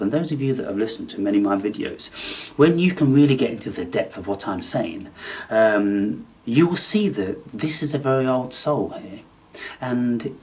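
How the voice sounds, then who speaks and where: A man hosting a spiritual channel, talking in a theatrical, taunting way that swings between loud outbursts and hushed asides. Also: medium pitch, distant mic. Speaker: channel host. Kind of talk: spiritual vlog monologue.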